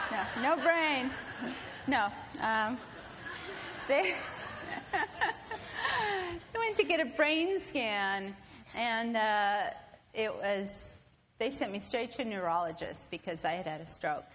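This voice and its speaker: A woman telling a personal story to an audience, animated and acting out other people's voices. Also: mid-range voice, slow, pauses often, a little hiss or hum. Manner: animated, acts out quoted voices. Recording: long hall reverb, faint ambience.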